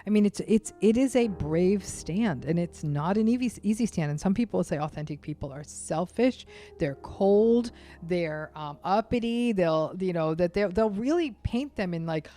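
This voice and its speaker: A woman with a somewhat low voice speaks as a guest expert in a podcast interview. She explains her points emphatically, often slipping into short acted-out quotes to make them vivid. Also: animated, moderate pace, dark tone. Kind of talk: interview conversation.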